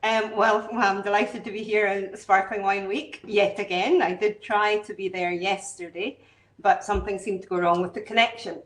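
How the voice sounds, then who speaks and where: A woman's voice: mid-range voice, roomy sound, low-quality recording. A Scottish woman, a wine producer, telling her story in a chatty, self-deprecating way on a video call. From Scotland. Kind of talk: online interview, storytelling.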